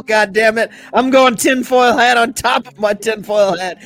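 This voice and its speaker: A man co-hosting a sports podcast, ranting loudly and excitedly with lots of swearing. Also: very high voice, a little slow, soft background music. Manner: loud, profane, excitable ranting. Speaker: podcast co-host. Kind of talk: casual sports chat.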